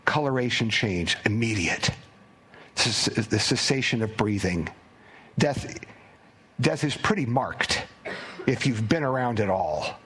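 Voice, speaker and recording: A man's voice: on the low side, expressive, takes it slowly, pauses often, fairly bright tone, a little hiss or hum. A man, a pastor, preaching a conversational sermon, often restarting his phrases and dropping to a near whisper for quoted words.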